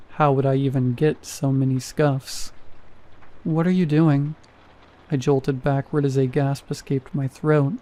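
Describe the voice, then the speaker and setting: A man reading a first-person horror story in a measured, even storytelling manner. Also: mid-range voice. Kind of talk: scripted horror narration.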